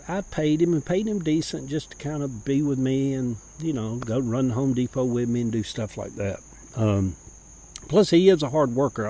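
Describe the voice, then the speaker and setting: A middle-aged man tells a personal story in a rambling, folksy way, restarting phrases and clearing his throat. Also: mid-range voice, a little mellow, low-quality recording.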